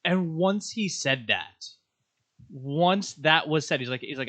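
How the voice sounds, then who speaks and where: A man's voice: on the high side, measured pace. A man co-hosting a podcast, talking casually and rambling with lots of "like" and restarts. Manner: rambling, lively, many likes and restarts. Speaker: podcast co-host. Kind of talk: casual chat.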